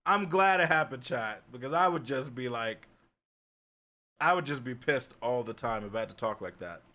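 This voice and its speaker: A man's voice: medium pitch, normal speed. A young man streaming, chatting casually and swearing freely as he jokes with his viewers. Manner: joking, animated, swears freely. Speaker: livestreamer.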